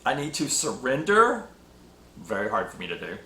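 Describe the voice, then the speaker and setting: A man hosting a spiritual talk show, telling a personal story with emotional, animated delivery. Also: medium pitch, moderate pace. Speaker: podcast host. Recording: echoey room.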